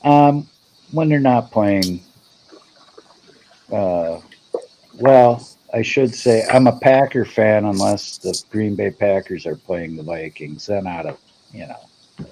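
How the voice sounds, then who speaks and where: Low mellow-voiced Minnesota man chatting. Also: takes it slowly, long pauses, a little hiss or hum, poor audio. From Minnesota, USA. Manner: modest, self-deprecating, rambling. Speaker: host. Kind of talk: casual chat.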